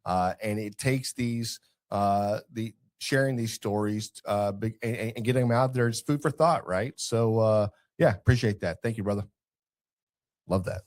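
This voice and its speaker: A man's voice: lowish voice, moderate pace, darkish tone, no room sound. A Texan man co-hosting a barbecue podcast, rambling along with plenty of fillers and false starts. His voice is close and dry, with no room sound. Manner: rambling with many restarts and fillers. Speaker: podcast co-host. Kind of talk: casual chat.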